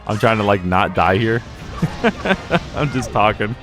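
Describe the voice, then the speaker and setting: Young man, low voice, game streamer, rambling, frequent laughs, faint background music. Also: measured pace, fairly bright tone. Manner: rambling, laughs often, slips into silly quoted voices. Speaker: gaming streamer. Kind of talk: casual live-stream commentary.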